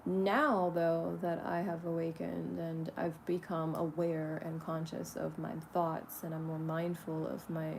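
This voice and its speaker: A woman with a low, gravelly voice delivers a chatty spiritual vlog monologue. She is candid and swears freely, often breaking into laughter. A faint hiss of room noise sits underneath. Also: level tone, measured pace, hardly any pauses. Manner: talks to herself lovingly in soft asides. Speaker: spiritual vlogger.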